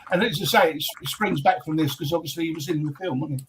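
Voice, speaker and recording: A man's voice: fairly high pitch, fast talker, a little hiss or hum, poor audio. An English man, a guest on a casual chat stream, telling stories with lots of ums and restarts. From England. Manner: rambling, hesitant storyteller with many ums.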